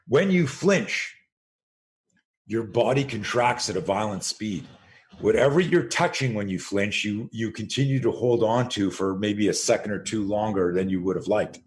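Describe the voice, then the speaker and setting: A man in his sixties with a somewhat low voice tells stories as a podcast guest. He talks about self-defense with energy, acts out the people he quotes, and repeats words as he restarts his thoughts. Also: a little hiss or hum. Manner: animated storyteller who acts out quoted voices. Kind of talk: storytelling interview.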